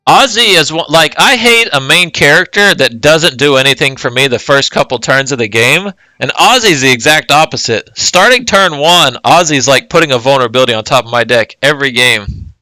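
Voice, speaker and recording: Bright, crisp-voiced male game commentator. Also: mid-range voice, animated, brisk, no room sound, poor audio. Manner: casual, play-by-play calling of moves. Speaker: tournament commentator.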